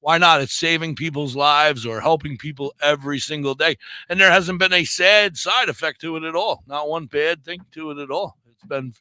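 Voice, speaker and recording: A man's voice: on the high side, moderate pace, hardly any pauses, sharp tone, clear, resonant tone, no room sound. A man co-hosting a casual radio chat show, blunt and rambling, with frequent swearing.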